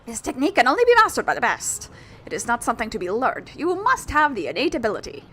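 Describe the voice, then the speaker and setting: A woman's voice: on the high side, quick pace, a little hiss or hum. A woman doing a grandiose old dojo master with a slight British accent. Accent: slightly British put-on accent. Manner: theatrical, grandiose, lively. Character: eccentric boastful old male dojo master. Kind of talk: reading game dialogue aloud.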